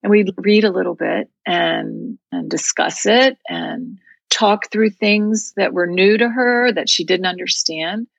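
A woman's voice: mid-range voice, a little slow, vocal fry, no echo, poor audio. A woman guest telling a personal faith story in an earnest, heartfelt, reflective way. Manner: heartfelt, reflective, speaks of prayer and scripture.

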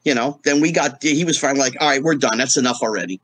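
A man's voice: medium pitch, quick pace, breathy edge, no echo. A middle-aged man, a guest in a casual interview, telling stories and acting out the voices of the people in them. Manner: animated storyteller acting out quoted voices.

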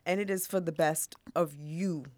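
A woman's voice: fairly low pitch, fairly even intonation, moderate pace, darkish tone. A woman speaking bluntly and frankly in casual chat, with plenty of swearing. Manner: blunt, frank, profane, emphatic.

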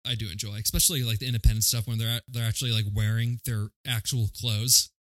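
A man's voice: fairly low pitch, fairly even intonation, fast talker, a bit bright, dry recording. A man co-hosting a podcast who recaps a movie plot casually, joking and laughing along. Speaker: podcast co-host. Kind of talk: casual movie-review banter.

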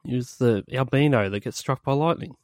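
A man's voice: mid-range voice, brisk, a little mellow, no echo, studio quality. A man hosting a comedy podcast, telling jokey stories in casual banter and giggling often. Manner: giggly, joking storyteller. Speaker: podcast host.

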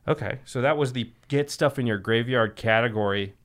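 A man's voice: mid-range voice, moderate pace, a bit bright. A man hosting a casual podcast chat, explaining card game decks at length and laughing easily. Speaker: podcast host.

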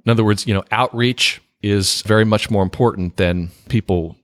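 A man hosting a podcast interview, animated and laughing often. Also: on the low side, normal speed, dry recording, studio quality. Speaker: podcast host.

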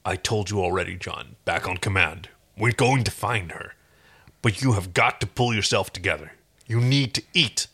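A man voicing a gruff, loyal alien warrior man, speaking low and steady. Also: fairly quick.

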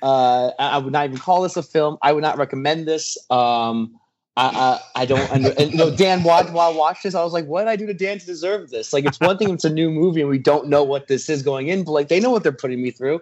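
A man's voice: on the high side, fast talker, a little mellow, muffled recording. A young man co-hosting a podcast movie review, blunt and profane, often restarting his sentences. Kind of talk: casual chat.

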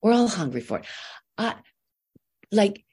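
A woman from Canada, an actress guest, chatting and telling animated stories in an interview. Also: mid-range voice, unhurried, breathy edge. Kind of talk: casual interview storytelling.

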